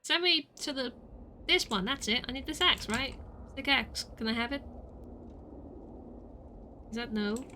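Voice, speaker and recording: A woman's voice: sits high, expressive, a little slow, long pauses, bright, forceful tone, slight background noise. A woman streamer playing a game, joking and talking to herself with rambling questions. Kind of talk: casual game let's play.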